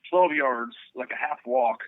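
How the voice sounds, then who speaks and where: A man telling an animated bowhunting story as a guest in an interview. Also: mid-range voice, measured pace, no echo, phone-quality sound. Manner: excited, rambling storyteller.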